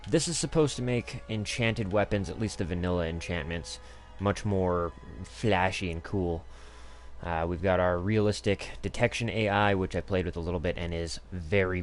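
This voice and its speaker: A man's voice: sits low, a little hiss or hum. A man streaming a game live, giving casual commentary in a crude, profane, rambling way with lots of fillers. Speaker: gaming streamer.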